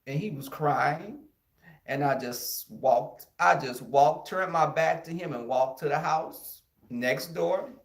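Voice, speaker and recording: A man from Houston with a Texan accent, telling a childhood story in an animated, casual way to his listeners. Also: on the high side, slow. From Houston, Texas. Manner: animated, addresses listeners as y'all, acts out the scenes. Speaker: podcast host. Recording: echoey room.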